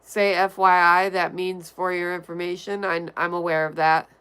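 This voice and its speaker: A woman's voice: on the low side, level tone, moderate pace, a bit bright, smooth. A woman streamer reading her chat aloud and answering it bluntly and offhandedly, vaping between remarks. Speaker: livestreamer. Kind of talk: casual chat reading viewer comments.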